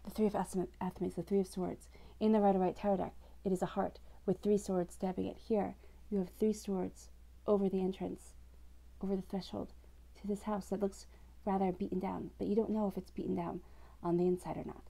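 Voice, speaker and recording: A woman's voice: mid-range voice, flat delivery, a little fast, gravelly, mellow. A woman giving a tarot reading, speaking directly and reassuringly to the listener in a flowing way. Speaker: tarot reader. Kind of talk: scripted-free spoken tarot reading to camera.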